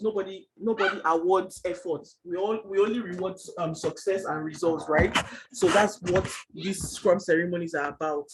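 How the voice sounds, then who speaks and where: A man teaching a Scrum class online, explaining fast and chatty with many fillers. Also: high voice, fairly even intonation, noisy background. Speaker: Scrum trainer.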